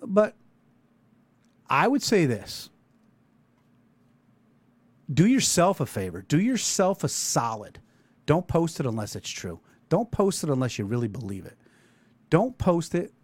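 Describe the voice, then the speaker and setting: A man's voice: fairly high pitch, measured pace, pauses often. A man hosting a casual talk show, ranting loosely with plenty of swearing. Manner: animated, swearing, rambling rant. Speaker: podcast host.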